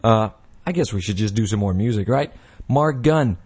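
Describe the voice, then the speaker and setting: A man hosting his own podcast in a casual, rambling way, correcting himself and filling pauses as he goes. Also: fairly low pitch, expressive, noisy background. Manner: rambling, self-correcting, many fillers. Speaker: podcast host. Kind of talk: casual solo podcast talk.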